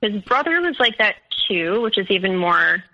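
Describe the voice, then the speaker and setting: A woman recounts her own story as an interview guest. Her voice is bright and a little tense, with a gravelly fry running through it. She talks hesitantly, circling back with many fillers and restarts. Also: mid-range voice, big pitch swings, normal speed, highs cut off.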